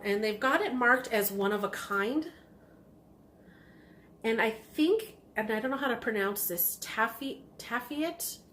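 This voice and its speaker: A woman hosting a knitting video podcast, chatting casually and excitedly about yarn, rambling with lots of ums and restarts. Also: mid-range voice, slight background noise. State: has the hiccups. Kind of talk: casual chatty show-and-tell.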